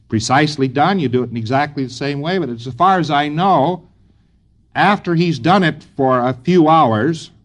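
Rambling man giving an informal lecture. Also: mid-range voice. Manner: rambling, folksy, with frequent pauses and fillers. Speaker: lecturer to trainees.

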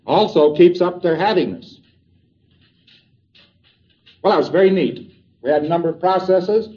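A man giving a recorded lecture, explaining deliberately and step by step and quoting dialogue along the way, on a dull, lo-fi old tape recording. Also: fairly high pitch.

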